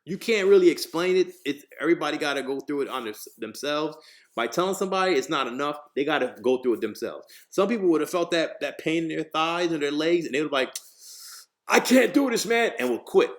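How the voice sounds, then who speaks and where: A fairly high-pitched, fast-talking podcast host from New Jersey, USA, relates a story casually and with plenty of swearing. He's animated throughout, acting out each quoted voice.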